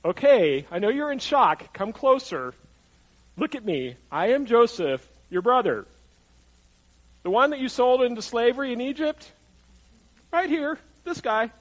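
A man's voice: sits high, lively intonation, a little slow, husky, full character voice, low-quality recording. A man voicing an adult man who is urgently pleading with his brothers, with a noticeably raised voice.

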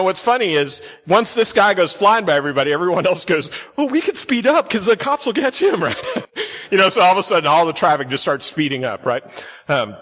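A pastor preaches to his church in a bright, forceful voice that sits a little high for a man. His sermon is chatty storytelling, full of questions put to the congregation. A long hall reverb trails every phrase. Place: church sanctuary.

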